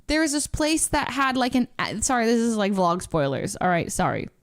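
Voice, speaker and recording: A woman's voice: fairly high pitch, sing-song, moderate pace. A woman streamer chatting casually as she reacts to her own vlog, rambling through a story with lots of fillers and restarts.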